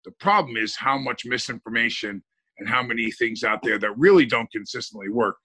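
A man's voice: mid-range voice, fairly quick, sharp tone, slightly rough. A man chatting on a podcast in long, emphatic run-on sentences. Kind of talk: casual chat.

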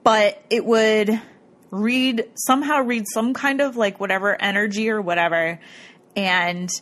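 A woman's voice: mid-range voice, fairly even intonation, unhurried, a bit bright. A woman casually recapping a show in a rambling way, full of "like" and frequent laughter. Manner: rambling, lots of "like", bursts of laughter. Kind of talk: casual chat recapping a ghost-hunting show.

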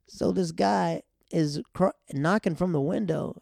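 A man's voice: fairly high pitch, fairly even intonation, normal speed, gravelly, darkish tone, no echo. A young man hosting a podcast, chatting loosely and laughing at his own stories. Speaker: podcast host. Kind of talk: casual storytelling monologue.

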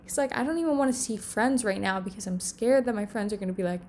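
Speaking fast with few pauses, a young woman content creator rambles tearfully through a confessional vlog alone in her room, using plenty of fillers as she nears tears. Her voice is medium-pitched with a darkish tone.

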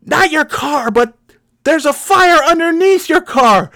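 A man voicing a frantic, arm-waving burly male stranger who yelps in high cries. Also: expressive, measured pace, sharp tone, full character voice. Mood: blurting.

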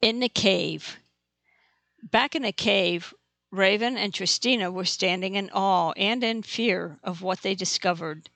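Audiobook narrator, steady plain reading, gravelly texture, dry close sound. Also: mid-range voice, a little slow, dry recording. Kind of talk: scripted narration.

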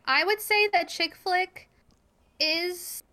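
A young woman co-hosting a podcast in casual chat, playful and quick to laugh. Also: extremely high pitch, pushed and bright. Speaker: podcast co-host.

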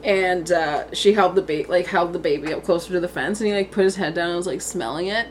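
A young Canadian woman co-hosts a podcast, chatting casually and telling rambling stories while giggling often and swearing freely. Her voice is on the low side and quick, with slight background noise.

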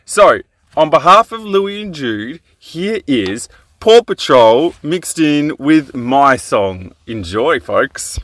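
A woman's voice: sits low, very animated, takes it slowly, no echo. A woman hosting a radio-style show, coaxing young children through a playful interview in an upbeat, laughing manner.

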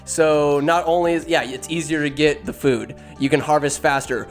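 Young dude ranting about movies, swears a lot, voice sits a bit high, faint music behind him. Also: male voice, normal speed, few pauses. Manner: profane, rambling, self-deprecating jokes. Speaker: solo movie-ranking streamer. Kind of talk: casual rambling commentary.

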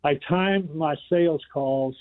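A man's voice: on the high side, slow pace. An older man calling in to a radio show, rambling as he reminisces about the old days. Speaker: radio caller. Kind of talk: casual phone call-in chat. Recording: phone line.

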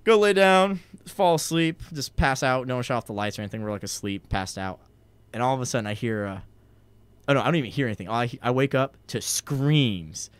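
A man's voice: mid-range voice, expressive, fairly quick, smooth, dry recording. A young man in his twenties telling a long, rambling, profane story in casual chat, full of "like" and "dude". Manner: rambling, profane, heavy on filler "like".

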